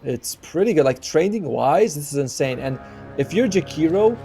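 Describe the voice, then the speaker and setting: A man giving casual color commentary and analysis on an esports match. He talks in a chatty way, thinking out loud with fillers and quick exclamations. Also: on the high side, animated, gravelly, faint music behind.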